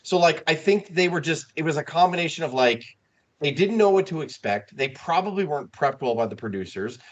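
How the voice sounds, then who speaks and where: A man co-hosting a podcast in casual chat, retelling a story with lively acted-out quotes. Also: a little high, brisk, muffled recording. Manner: animated storytelling, acting out quotes. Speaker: podcast co-host.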